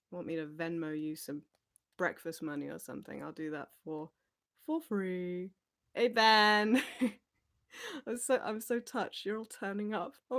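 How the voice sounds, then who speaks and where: A woman's voice: medium pitch, a bit bright. A woman teacher chatting casually on a livestream, rambling and giggling, with lots of fillers as she reads out viewer comments.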